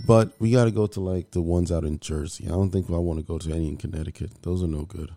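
A man hosting a casual podcast, hoarse from a cold, with a voice that keeps cracking and a loose, joking manner. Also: sits low, fast talker, warm tone, dry recording. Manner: voice cracks upward unpredictably. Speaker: podcast host.

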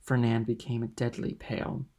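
A man reading a classic novel aloud in measured, steady narration. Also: medium pitch. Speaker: audiobook reader. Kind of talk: audiobook narration.

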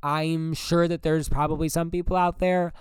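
Young guy ranting on his podcast, swears a lot, says like constantly, smooth clear voice, dead dry mic. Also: on the high side, flat delivery, moderate pace, no echo. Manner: blunt, profane and rambling, with many "like" fillers. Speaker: podcast host. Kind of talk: casual solo podcast monologue.

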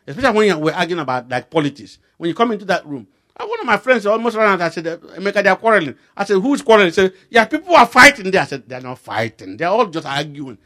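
A middle-aged man with a Nigerian accent delivers a sermon full of stories. His fairly high voice climbs and drops a lot, and he punches key lines loudly. The talk is lively. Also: fast, hardly any pauses. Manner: animated storytelling with voice rising sharply for emphasis. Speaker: preacher.

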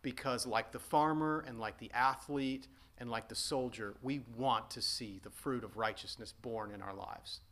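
Male pastor, earnest emphatic sermon delivery, bright tone. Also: mid-range voice, moderate pace, few pauses. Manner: earnest, emphatic preaching with frequent restatements.

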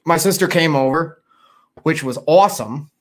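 A man's voice: fairly high pitch, moderate pace. A middle-aged man from Chicago hosting a casual livestream, tired and rambling, with a lot of swearing. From Chicago area. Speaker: livestream host.

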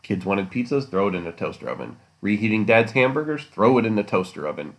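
A man with a fairly low voice hosts a solo podcast from home, answering listener questions in a loose, unscripted way. He's very animated and talks fast with few pauses, rambling, joking and teasing his listeners.

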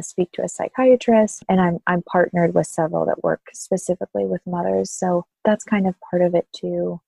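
A woman postpartum doula speaking thoughtfully and gently in an interview, with soft laughs. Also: lowish voice, creaky, husky, no echo, rough recording. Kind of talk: interview conversation.

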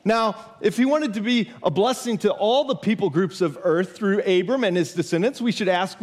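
A pastor giving a conversational sermon from the United States, emphatic and full of rhetorical questions. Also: male voice, high-pitched, lively intonation, normal speed, darkish tone.

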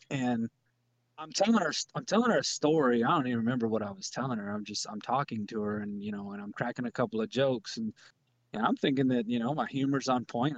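A man's voice: dry recording, dull audio. Laid-back rambling man telling a story. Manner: laid-back, rambling, drops to a low mutter for his own thoughts. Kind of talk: casual comedic storytelling.

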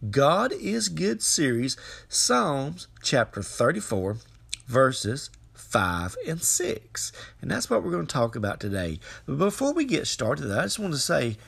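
Guy preaching a devotional, husky gravelly voice, lively pitch swings. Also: unhurried. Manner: repetitive, fervent, rising pitch when exhorting. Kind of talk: devotional sermon.

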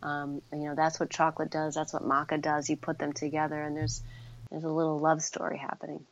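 A woman's voice: low-pitched, monotone, brisk, lo-fi sound. A woman with a New York accent, a guest on a casual podcast, talking earnestly and with enthusiasm over a remote call. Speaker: guest, chocolate maker.

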